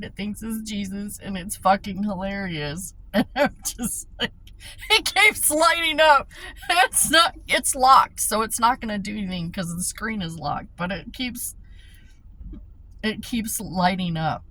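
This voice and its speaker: A woman's voice: medium pitch, animated, measured pace, sharp tone. A woman vlogging a casual rant, swearing freely, laughing often and repeating herself.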